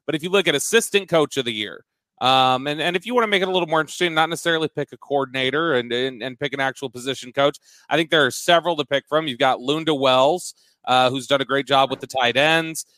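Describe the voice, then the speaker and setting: Bright-voiced man steering a sports chat. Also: mid-range voice, quick pace, dry recording. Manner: conversational, steers the segment, stammers on restarts. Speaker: host. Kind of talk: casual sports talk.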